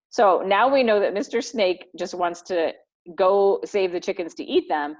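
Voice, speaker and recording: A woman's voice: mid-range voice, a little slow, a little mellow. A woman teacher reading a book aloud to her students and explaining as she goes. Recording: dull lo-fi recording.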